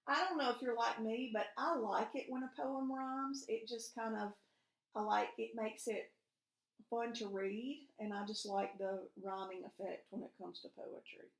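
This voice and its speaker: A woman teaches a recorded reading lesson to young pupils. She speaks in a somewhat high voice, patient and guiding, and keeps asking them questions. The room has a noticeable echo. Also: steady tone, moderate pace. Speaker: elementary school teacher. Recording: echoey room.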